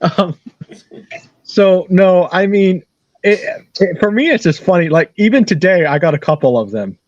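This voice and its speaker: A man talking as an interview guest, rambling through anecdotes and repeating himself as he laughs along. His voice sits a bit high, and the recording is dull, lo-fi and dry with no room sound. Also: lively intonation, a little slow, no room sound. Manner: rambling, repeats phrases, laughs at own stories. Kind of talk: casual storytelling.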